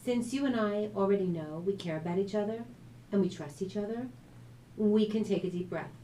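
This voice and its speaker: A woman voicing a calm, earnest teenage girl who reasons things out patiently. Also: medium pitch, a little fast, roomy sound, slight background noise, close to an everyday voice, low-quality recording.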